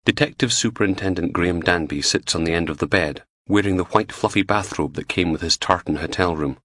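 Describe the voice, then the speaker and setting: A man reading a crime novel aloud as an audiobook narrator, in steady, measured scripted narration. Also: deep voice, no echo.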